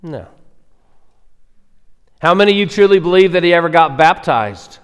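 An earnest pastor preaches a sermon with emphatic, repeated words and a fairly high male voice. His voice rings through a church sanctuary with a long hall reverb. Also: animated, normal speed, clean tone.

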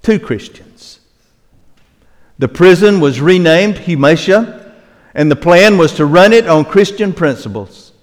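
An older male pastor preaching a sermon earnestly, slowing down for emphasis and dropping softly into prayer. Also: sits high, expressive. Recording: long hall reverb.

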